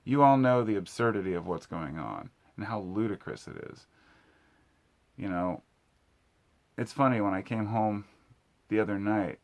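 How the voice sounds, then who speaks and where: A man talking to camera in a casual vlog, rambling and reflective, with many fillers and restarts. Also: deep voice. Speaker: vlogger.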